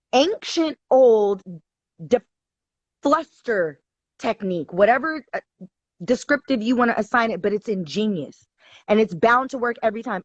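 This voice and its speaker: A woman with a somewhat high voice is a guest in a casual chat, telling a story in a heated, emphatic way full of profanity. She's on a live online video call, and the audio is dry and dull, like lo-fi stream sound with no echo.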